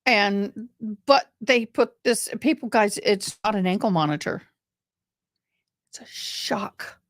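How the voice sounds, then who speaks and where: A woman's voice: medium pitch, expressive, unhurried, no echo, studio quality. A woman hosting casual crime commentary, chatty and rambling, often going off on tangents.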